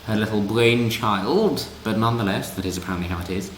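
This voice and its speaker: Sarcastic man with a low voice. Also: a little fast, slight background noise. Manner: sarcastic, rambling asides. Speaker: commentator. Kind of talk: casual commentary reading news. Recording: roomy echo.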